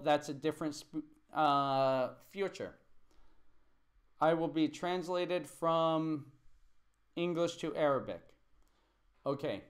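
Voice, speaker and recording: A man's voice: fairly high pitch, lively intonation, slow pace. A man teaching a live English lesson, patiently repeating words and correcting student sentences.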